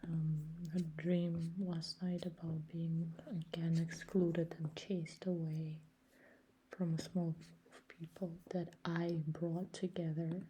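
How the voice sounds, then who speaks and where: A woman's voice: low voice, level tone, slow pace, dark tone, slight background noise, rough recording. A woman in a group discussion, speaking blunt asides in a near whisper.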